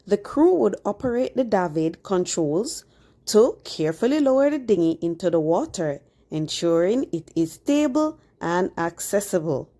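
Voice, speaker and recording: A woman's voice: mid-range voice, very animated, normal speed, dark tone. A woman narrating a cruise vlog in an explanatory, conversational way. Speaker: cruise vlogger.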